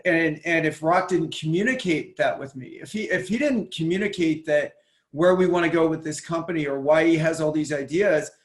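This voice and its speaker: A man's voice: a little high, normal speed. Roomy-sounding man explaining business trust. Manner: thoughtful, repeats words while building a point. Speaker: COO and guest. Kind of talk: conversational interview answers.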